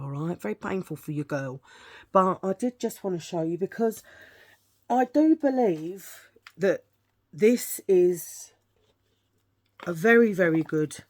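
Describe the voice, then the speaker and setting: A woman's voice: fairly low pitch, darkish tone. Rambling, chatty middle-aged woman. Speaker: beauty vlogger. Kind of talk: casual product review chat.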